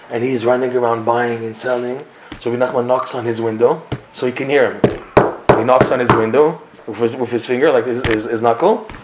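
A man teaching a Torah class, telling a story with lively acted-out dialogue. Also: medium pitch, a little hiss or hum. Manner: animated storyteller acting out the characters' lines. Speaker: religious teacher.

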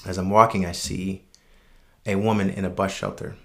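Low-voiced man telling a personal story. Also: normal speed, vocal fry. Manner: relaxed, unscripted, frequent ums and restarts; reflective, earnest. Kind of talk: casual personal anecdote.

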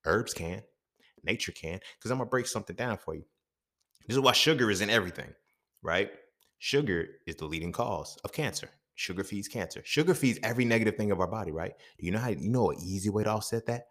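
A man's voice: on the low side, expressive, quick pace, fairly bright tone. A man hosting a podcast, talking in a casual, profane monologue full of rhetorical questions. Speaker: podcast host.

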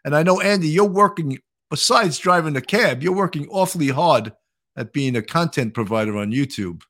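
An older man with a New York accent, a retired policeman, hosting a podcast interview in a chatty, halting way. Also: a little high, animated, a bit bright. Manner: chatty, hesitant with many fillers and restarts. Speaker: podcast host. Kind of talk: casual interview chat.

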